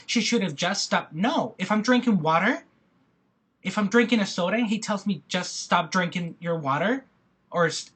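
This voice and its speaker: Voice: mid-range voice, a bit bright, husky. A speaker giving a passionate personal video rant who talks in emphatic repetitions and frequent restarts. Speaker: video blogger.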